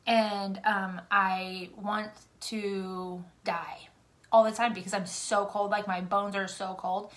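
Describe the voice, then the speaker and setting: A woman's voice: mid-range voice, little pitch movement, takes it slowly, a bit bright. A young woman chatting casually to viewers as a makeup vlogger, rambling and venting with lots of fillers.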